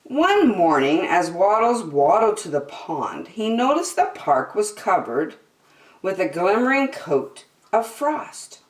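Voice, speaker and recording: A woman reading a children's picture book aloud with slow, expressive delivery. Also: mid-range voice. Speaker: children's storyteller. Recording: roomy, from a distance.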